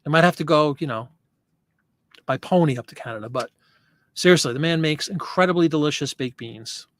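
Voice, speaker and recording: A man's voice: a little high, a little fast. A man hosting a casual live stream, chatting loosely and answering viewer comments as he rambles. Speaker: host.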